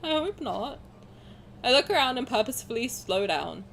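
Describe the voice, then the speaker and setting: Excitable young woman streaming a game. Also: on the high side, normal speed, gravelly, a little hiss or hum. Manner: chatty, excitable, swears, squeals at subscribers. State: sore throat. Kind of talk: casual game stream chat.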